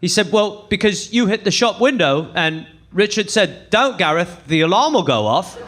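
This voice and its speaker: A young man from England doing a stand-up set on a club stage, animated storytelling with sudden high bursts and low asides. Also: normal speed, a little hiss or hum. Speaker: stand-up comedian. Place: comedy club stage with audience.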